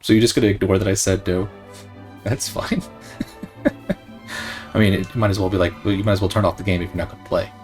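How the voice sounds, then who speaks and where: A man's voice: deep voice, fairly even intonation, quick pace, pauses often, darkish tone. Jokey man commentating a game. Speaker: let's play host. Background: faint game music.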